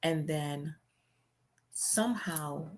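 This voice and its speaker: A woman's voice: sits low, very slow, darkish tone. A woman hosting a show, reading a memoir aloud in the first person in a plain, conversational storytelling way with casual fillers.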